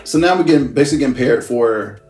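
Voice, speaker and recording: A man's voice: mid-range voice, lively intonation, fast talker, a little mellow. Male reviewer with a mid-range voice for a casual, rambling plot recap, loose and profane, with faint music behind. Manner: rambling, profane, with frequent self-corrections. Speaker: movie reviewer.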